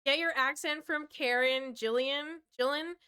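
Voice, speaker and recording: A woman's voice: high voice, a little slow, pushed and bright. A woman in her thirties streaming, chatting casually and joking, often laughing. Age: 30s.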